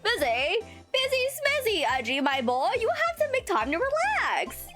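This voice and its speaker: A woman's voice: very high voice, wildly swooping pitch, moderate pace, music in the background, voice pushed up, heavily acted. A woman voicing a jolly, boisterous older male police chief who talks in a hearty, overly familiar way. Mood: jovial.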